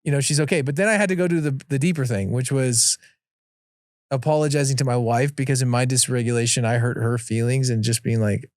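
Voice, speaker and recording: A man's voice: medium pitch, fairly even intonation, a little fast, dry recording, clean studio sound. A man who is a guest on a podcast and a father of four, giving earnest, casual advice and acting out the things he says at home. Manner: earnest, acts out his own quoted lines.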